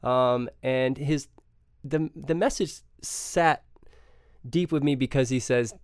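Male podcast guest, smooth resonant voice, easygoing storyteller, dry mic. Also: medium pitch, slow, no room sound. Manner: relaxed storytelling with ums and self-mocking jokes. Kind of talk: casual chat.

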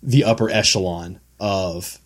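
A man co-hosting a podcast, telling a funny story in an animated, casual way. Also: sits low, measured pace. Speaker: podcast co-host and filmmaker.

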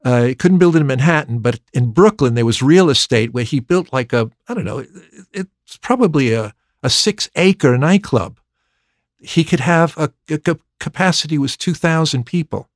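An older man, a record producer telling stories from his youth in an interview, with many halting restarts. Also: fairly high pitch, expressive, no echo, studio quality. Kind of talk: storytelling interview.

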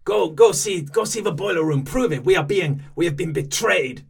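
A man voicing a hulking barbarian vampire with an outrageous put-on French accent, shouting and laughing through it. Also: high voice, lively intonation, moderate pace, gravelly, breathy edge, pitched above the performer's own voice, exaggerated voice.

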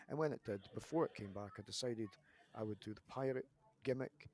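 A man in his thirties hosting a podcast, telling long rambling stories with animated restarts in a casual chat. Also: lowish voice, brisk. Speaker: podcast host, wrestler.

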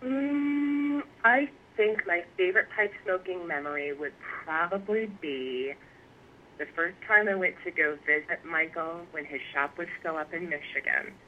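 A woman guest telling stories in a casual interview, animated and laughing often. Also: on the low side, unhurried, slight background noise. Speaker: guest, pipe maker. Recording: tinny phone line.

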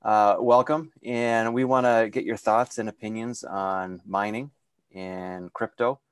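A man's voice: lowish voice, fairly even intonation, unhurried, smooth, no room sound. A man hosting a podcast over a video call, easygoing and laughing along. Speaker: podcast host. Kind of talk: casual interview.

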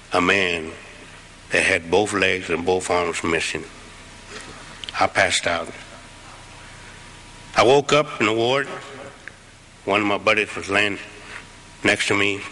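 A man's voice: low voice, sharp tone, slight background noise, rough recording. A middle-aged man, a veteran speaking to an audience, retelling his war story in an earnest, plain-spoken, heartfelt way.

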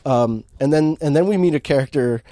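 A man's voice: a little high, a little fast, dark tone, dry recording, clean studio sound. Man rambling through a sarcastic movie recap. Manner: rambling, sarcastic, with many fillers and acted quotes.

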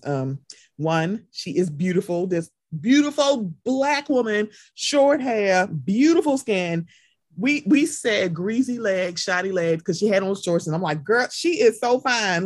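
A woman from Maryland hosting a podcast, telling stories in casual chat and acting out quotes with big jumps in pitch. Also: a little mellow, no room sound, clean studio sound. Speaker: podcast host.

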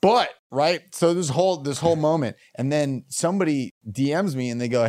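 A young comedian co-hosting a podcast tells crude stories in a wry, jokey way, as casual chat and storytelling. His voice is slightly high and a little mellow, and he talks a bit fast with hardly any pauses.

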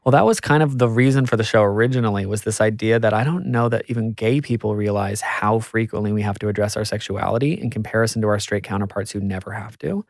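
A man's voice: fairly low pitch, fast, creaky, few pauses, dry recording, clean studio sound. A man hosting a podcast, talking in a chatty, reflective way and laughing easily. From America. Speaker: podcast host. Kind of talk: casual conversation.

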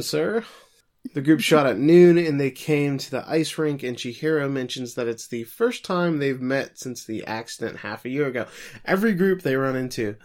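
A man co-hosting a podcast, recapping episode plots in a casual, sardonic way with jokey asides. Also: mid-range voice. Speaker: podcast co-host recapping an anime. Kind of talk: casual chat.

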